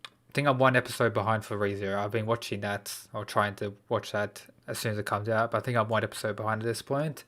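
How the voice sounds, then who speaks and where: A man's voice: on the low side, fairly even intonation, quick pace, pushed and bright. An Australian man chatting casually on a livestream, laid-back and rambling with lots of fillers. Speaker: anime streamer.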